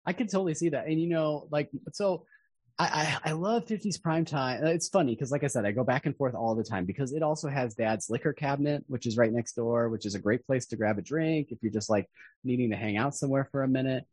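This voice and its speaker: A man with a slightly husky voice chats in an upbeat way, filling his talk with "like". The sound is dry and close. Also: medium pitch, quick pace, darkish tone, dry recording. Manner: chatty, upbeat, lots of "like". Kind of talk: casual chat.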